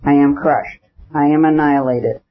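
A man's voice: fairly high pitch, fairly even intonation, moderate pace, close to an everyday voice. A man reading the lines of a crushed, self-pitying middle-aged official who speaks plaintively and formally in an audiobook. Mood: despairing. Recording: dull lo-fi recording.

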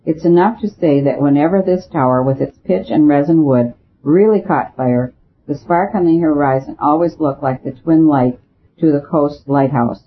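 A man voicing a calm, weary male priest detective, speaking in a quiet, measured, grave manner. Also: on the high side, a little hiss or hum, close to an everyday voice. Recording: tinny phone-like audio.

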